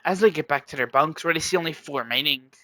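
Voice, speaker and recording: A man's voice: a little high, quick pace, pushed and bright, no room sound. A young man narrating an amateur story in a rambling way, often restarting and chaining clauses.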